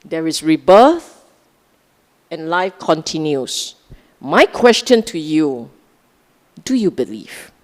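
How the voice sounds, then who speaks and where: Speaking slowly with frequent pauses, this woman has a low-pitched voice with big swings in pitch, carried by a long reverb tail through a large hall. She's a Buddhist dharma speaker with a Singaporean English accent giving a Sunday talk to a live crowd, conversational and teasing, repeatedly checking in with the audience and posing questions.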